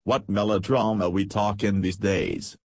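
A man's voice: fairly low pitch, steady tone, a little slow, dry recording. A man reading the part of a scheming aristocratic lady who talks lightly and insinuatingly. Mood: silky. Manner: light, falsely sweet and insinuating.

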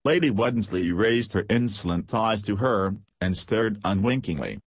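A man narrating a story in a measured, even audiobook reading. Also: on the low side, husky, no room sound.

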